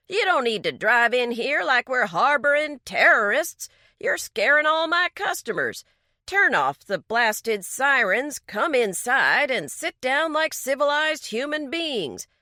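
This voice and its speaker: A woman voicing an irate, gruff older male garage owner, loud and indignant. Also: sits high, sing-song, unhurried, no echo, studio quality, pitched above the performer's own voice, heavily acted.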